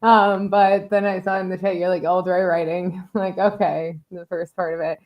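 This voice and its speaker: A woman's voice: lowish voice, fairly even intonation, normal speed, dull audio. Giggly woman giving mix feedback. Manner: hesitant, laughs often, many fillers. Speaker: music critique panelist. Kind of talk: casual review chat.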